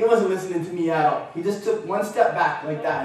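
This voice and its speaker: A man giving a university talk, telling an animated, self-mocking story. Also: sits high, brisk. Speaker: guest speaker. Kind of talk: lecture storytelling. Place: university lecture room. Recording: echoey lecture hall from far off.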